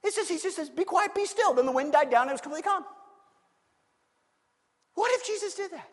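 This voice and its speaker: A man preaching a sermon, animated and acting out scenes with shifting voices. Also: very high-pitched, quick pace, in a large hall. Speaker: pastor.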